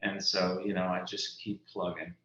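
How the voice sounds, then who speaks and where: Interview guest, man, 50s, very deep voice, folksy storyteller, roomy dull remote audio. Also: level tone, moderate pace, pushed and bright. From South Louisiana, USA. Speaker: author guest. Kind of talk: casual interview conversation. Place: indoors at home.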